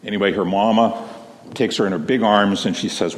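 A man, a minister, tells a children's story to a congregation in a gentle, slow storytelling manner, speaking to the children. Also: on the low side, fairly even intonation, a little hiss or hum. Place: large church sanctuary. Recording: long reverb of a big hall.

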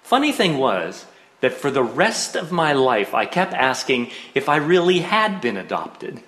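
A man's voice: mid-range voice, big pitch swings, a little slow, fairly bright tone. Wry man telling a childhood story. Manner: wry, self-mocking humor. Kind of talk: personal storytelling. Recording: roomy echo.

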